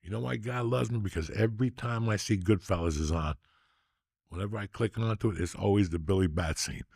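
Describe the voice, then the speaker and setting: A middle-aged man hosting a podcast, telling a story in a casual, profane, animated way. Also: lowish voice, brisk, creaky, breathy edge, dry recording, studio quality. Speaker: podcast host.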